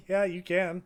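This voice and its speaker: A man's voice: sits high, clean tone. A man narrating as game master in a tabletop game, laid-back and agreeable.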